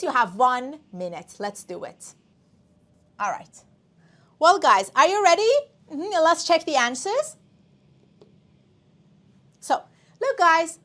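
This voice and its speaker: A woman's voice: high-pitched, a bit bright. A woman teaching a live English exam-prep class. She speaks emphatically, repeating words aloud and drilling them for her students.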